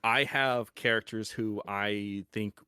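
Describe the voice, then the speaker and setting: A man's voice: fairly low pitch, fairly even intonation, takes it slowly, sharp tone, clear, resonant tone, no room sound, studio quality. A young man hosting a podcast, explaining in a casual, rambling way with frequent restarts. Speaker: podcast host.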